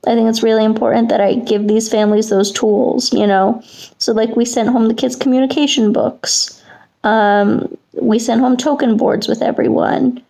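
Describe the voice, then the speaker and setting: A woman's voice: on the high side, fairly even intonation, normal speed, vocal fry, mellow. A young woman, a preschool teacher, talking casually to camera from her apartment, chatty and hesitant and full of fillers. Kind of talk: casual vlog chat.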